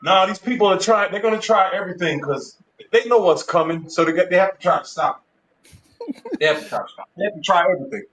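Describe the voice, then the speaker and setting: A man in a casual live-stream chat, profane, argumentative and excitable, often repeating himself. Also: high-pitched, fast.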